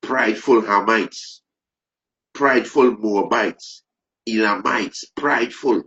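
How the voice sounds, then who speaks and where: A man preaching fervently, repeating phrases, restarting sentences and rising into loud emphasis. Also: deep voice, normal speed. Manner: repetitive, stumbling restarts, rising to shouted emphasis. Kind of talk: impassioned preaching. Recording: dull lo-fi recording.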